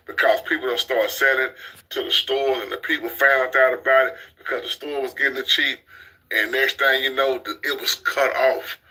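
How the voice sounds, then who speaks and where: A man's voice: medium pitch, sharp tone, rough recording. A man, talking bluntly in a casual commentary chat, preaching and repeating his points as the host.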